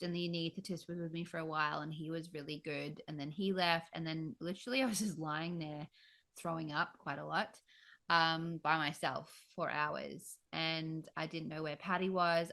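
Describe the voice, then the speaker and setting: Podcast co-host, female, very low pitch for a woman, quiet reflective personal storytelling.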